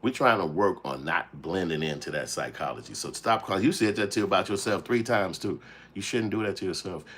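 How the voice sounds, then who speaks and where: A man's voice: low-pitched, lively intonation, fairly quick, fairly bright tone, a little hiss or hum. A man hosting a commentary livestream, ranting bluntly and with heavy profanity while calling out his chat viewers. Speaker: channel host commenting on a clip.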